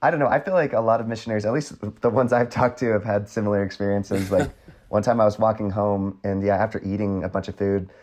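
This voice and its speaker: Casting: male interviewer, lowish voice, relaxed and conversational. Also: quick pace. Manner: easygoing, asks questions and shares short asides. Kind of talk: casual interview chat.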